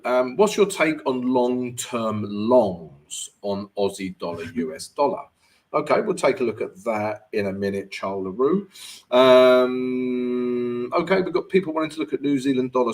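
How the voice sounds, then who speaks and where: A man hosting a live-stream Q&A as a forex trading coach, chatty and jokey, constantly checking in with "right?". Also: mid-range voice.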